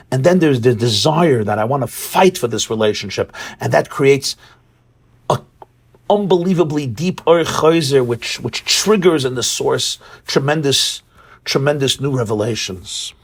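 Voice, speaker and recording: A man teaching a Torah class in a synagogue, animated, often repeating words and restarting phrases as he searches for terms. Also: mid-range voice, husky. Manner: animated, acts out voices of students and fathers.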